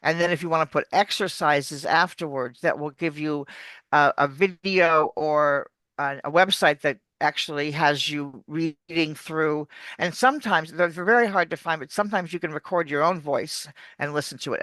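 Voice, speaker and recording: A woman's voice: low voice, normal speed, dry recording. An American woman, an accent coach, explaining pronunciation in an interview and showing sounds as she goes. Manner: animated, demonstrates sounds while explaining. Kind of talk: explaining on a video call interview.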